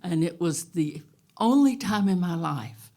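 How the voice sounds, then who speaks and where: A woman telling a true story on stage to a live audience, wry and unhurried, often chuckling. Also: lowish voice, animated, mellow.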